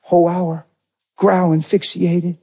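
A man preaching a personal testimony, acting out the dialogue, swinging from near shouts to hushed tones. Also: sits high, little pitch movement, slow pace, husky, muffled recording. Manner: acts out dialogue in his story. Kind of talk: testimony sermon.

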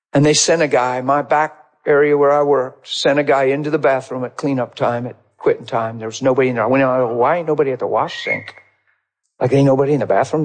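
A man preaching as a pastor, telling a personal story and acting out both sides of the conversation. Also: mid-range voice. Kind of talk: sermon testimony storytelling.

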